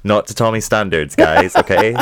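A man's voice: on the low side, normal speed, smooth, no echo. A Scottish man co-hosting a podcast in casual, playful, jokey chat. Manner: playful, jokey, laughs often. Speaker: podcast co-host.

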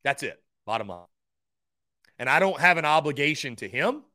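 A man's voice: on the high side, sing-song, normal speed. Blunt middle-aged man hosting sports talk. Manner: blunt, combative, unapologetic. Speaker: sports talk show host.

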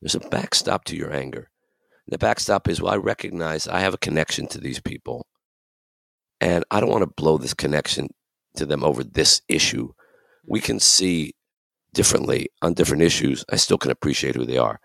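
A man's voice: extremely low pitch, fairly quick, vocal fry, a bit bright, no echo, studio quality. A man hosting a podcast, talking earnestly and emphatically and acting out the voices he quotes. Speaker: podcast host. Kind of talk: reflective podcast talk.

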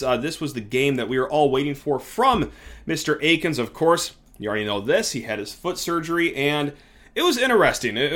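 Chatty sports podcast man, slightly high voice. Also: a bit bright. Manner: chatty, joking, sometimes sarcastic. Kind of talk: casual sports talk commentary.

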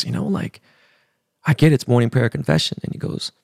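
A middle-aged man with a deeply gravelly, fry-heavy voice talks straight into the mic in a dry, close sound. He tells a personal story candidly, with emotion and casual swearing, in a loose podcast monologue. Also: steady tone, brisk, a little mellow, dry recording. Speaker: podcast host.

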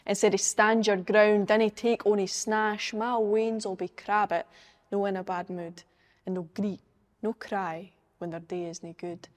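A woman's voice: mid-range voice, flat delivery, a little slow, long reverb tail. Young Scottish woman reciting a poem. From Scotland. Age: young adult. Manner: rhythmic rhyming recitation in broad Scots words. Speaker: poet. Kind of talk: poetry reading.

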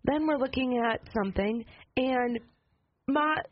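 A woman's voice: sits high, a little slow. A young woman telling a family story with exasperation, in casual chat on a family podcast. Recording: dull muffled sound with faint hiss.

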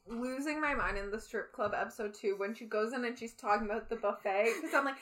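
A young woman chatting as a podcast co-host, her voice set notably high. She rambles and gushes, breaking into giggles as she trades thoughts with her friend. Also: fast talker, a bit bright. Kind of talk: casual chat.

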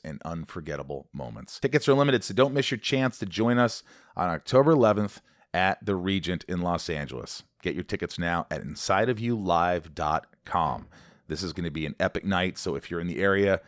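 A man hosting a podcast, chatting casually and telling stories with animated delivery. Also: sits low, dry recording, clean studio sound. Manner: animated storyteller, acts out quotes. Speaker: podcast host. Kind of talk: casual interview chat.

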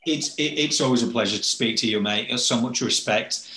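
A man's voice: medium pitch, a little fast, a little hiss or hum. Man, casual podcast host, laughs often, says mate, echoey room. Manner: warm, laughs often, calls guest "mate". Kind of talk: casual interview chat.

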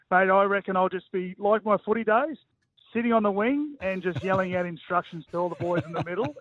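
A man's voice: sits high, dry recording. A man in his forties with an Australian accent, a former footballer chatting casually as a radio guest over the phone, self-mocking and full of fillers. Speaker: guest, former rugby league player. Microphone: phone call. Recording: tinny phone line, dry.

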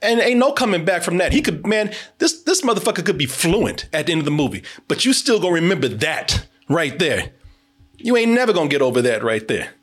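Male podcast host, slightly high voice, animated and joking, swears freely while riffing on a film. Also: brisk, slightly rough. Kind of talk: casual movie commentary.

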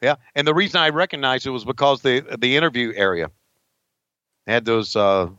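A man's voice: medium pitch, a little fast, bright, forceful tone, clean tone, no room sound, dull audio. A middle-aged man hosting a casual watch-along podcast, joking and laughing often. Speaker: podcast host.

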